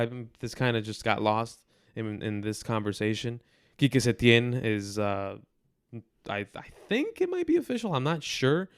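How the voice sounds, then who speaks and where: Young male podcast host, mid-pitched, blunt football rants, crisp voice, dry close sound. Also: no echo. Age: 20s. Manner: frustrated, blunt, repeating himself for emphasis. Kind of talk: football commentary monologue.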